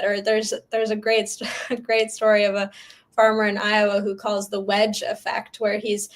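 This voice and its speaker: A woman at a middle pitch who speaks in a flat, even tone. As a guest on a livestream chat, she explains her points in a measured way. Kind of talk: casual livestream conversation.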